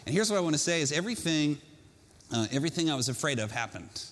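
A man telling a self-mocking personal story to an audience, animated and conversational. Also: on the high side, quick pace, background noise. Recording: long hall reverb.

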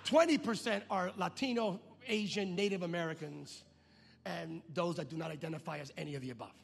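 A man pastor telling a story in a sermon, animated and acting out the dialogue. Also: sits high, fairly quick, creaky, slight background noise. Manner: animated, acts out dialogue in voices. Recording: long reverb of a large hall.

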